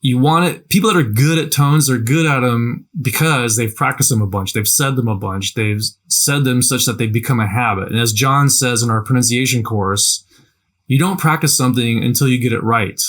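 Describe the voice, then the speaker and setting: A man's voice: medium pitch, normal speed, a bit bright. A man giving a casual lesson on language practice in a conversational way, often repeating himself and asking "right?". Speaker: language teacher. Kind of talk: casual instructional talk.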